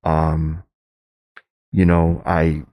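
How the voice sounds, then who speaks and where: A middle-aged man telling a personal story in casual chat, hesitant with restarts, then animated as he acts out voices. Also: extremely slow. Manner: animated storyteller, acts out quoted voices with high pitch jumps; hesitant, many restarts and fillers.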